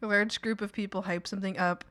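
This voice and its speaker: A woman streamer in casual chat, rambling and chatty, laughing often and sometimes bursting into mock shouting. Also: mid-range voice, fairly even intonation, fast talker.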